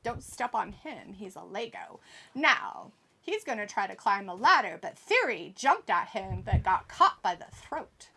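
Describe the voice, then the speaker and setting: A woman's voice: mid-range voice, very animated, a little slow, gravelly, pushed and bright, slightly rough. A woman hosting a wrestling watch-along stream, commenting playfully, teasing people and calling them darling. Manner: teasing, calls people darling, giggly asides. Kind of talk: playful live commentary and chat reading.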